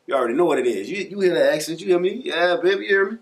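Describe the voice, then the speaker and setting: A man playing a brash New Orleans man who shows off his accent away from home, loud and boastful, greeting everyone. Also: a little high, animated, very fast. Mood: flirty boastful.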